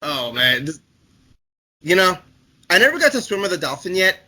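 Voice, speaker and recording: A young man chatting loosely with a friend, stumbling through his thoughts with lots of restarts. His voice is very bright and sits a bit high for a man. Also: big pitch swings, husky. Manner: rambling, halting, many restarts and fillers. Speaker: podcast co-host. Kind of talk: casual chat.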